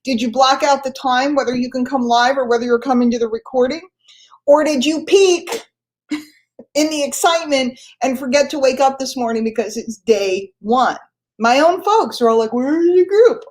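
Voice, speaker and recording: A middle-aged woman giving an emphatic, energetic motivational morning talk to her business team, often laughing. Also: high voice, normal speed. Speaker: network marketing trainer.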